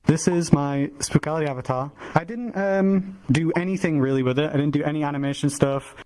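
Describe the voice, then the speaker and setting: A man's voice: fairly high pitch, fairly quick, darkish tone. A man casually showing off an avatar he made, stammering, restarting and swearing offhandedly. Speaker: avatar creator presenting his work. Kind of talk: casual showcase chat.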